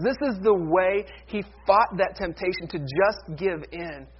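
A male pastor with a high, husky voice delivers a sermon. He swings from loud, emphatic declarations to soft, hushed lines. The recording is dull and lo-fi. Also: a little slow, hardly any pauses.

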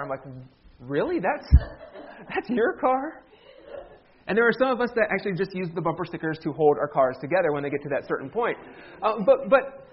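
A man's voice: high-pitched, slightly rough, highs cut off. A middle-aged man preaching a humorous sermon in a church, telling stories with a joking, self-deprecating manner. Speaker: pastor. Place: church sanctuary.

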